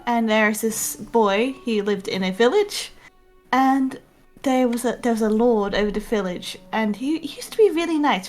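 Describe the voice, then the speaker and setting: A woman from Britain hosting a casual chat, teasing and blunt, and swearing casually. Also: on the high side. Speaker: show host.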